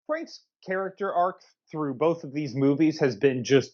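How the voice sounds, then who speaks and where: A man co-hosts a casual movie review podcast with a crude, ranting delivery. His pitch swings widely, and the recording sounds dull and lo-fi. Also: lively intonation, a little slow, darkish tone.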